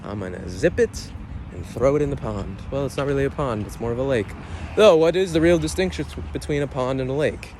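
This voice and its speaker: Man vlogger, mid pitch, rambling and playful, recorded outside with faint traffic. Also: animated, brisk, a little mellow. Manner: rambling, playful, self-questioning. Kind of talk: casual reflective monologue. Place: outdoors near a lake.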